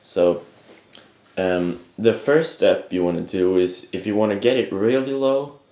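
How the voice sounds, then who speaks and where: Deep-voiced man on echoey lo-fi webcam. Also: measured pace, dark tone. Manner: rambling, hesitant, many fillers and restarts, swears casually. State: just woke up. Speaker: vocal tutor. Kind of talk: casual webcam tutorial. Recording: echoey lo-fi home webcam audio.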